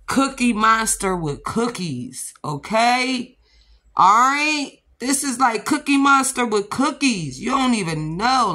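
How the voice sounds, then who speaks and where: A woman vlogging about nails, excitable and rambling, with sudden shouts before calming herself down. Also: mid-range voice. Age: adult with a child. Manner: excitable, rambling, bursts into shouts then calms down. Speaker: nail vlogger. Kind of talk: excited casual vlog.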